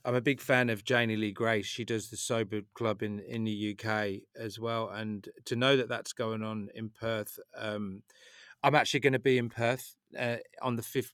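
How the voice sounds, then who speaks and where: Enthusiastic, rambling middle-aged host. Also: male voice, medium pitch, fairly bright tone, dry recording, studio quality. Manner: enthusiastic, rambling, stumbles and restarts. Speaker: podcast host. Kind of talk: casual podcast interview.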